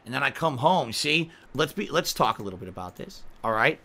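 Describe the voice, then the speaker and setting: Bright-voiced man ranting angrily. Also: medium pitch, sing-song, a little fast, hardly any pauses. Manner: angry, profane, defensive ranting. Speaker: streamer. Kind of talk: livestream rant to chat.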